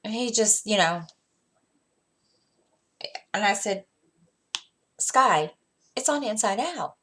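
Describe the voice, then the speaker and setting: A woman's voice: mid-range voice, lively intonation, takes it slowly, pauses often, fairly bright tone. A woman in her thirties, a mother casually telling a story at home, rambling with fillers and restarts and acting out what she and her son said. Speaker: crafting vlogger.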